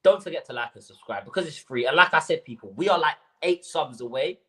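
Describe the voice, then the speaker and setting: A man's voice: fairly high pitch, fast talker. A young man hosting a football fan livestream, ranting casually with lots of slang and repetition. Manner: animated ranting, slangy, repeats himself.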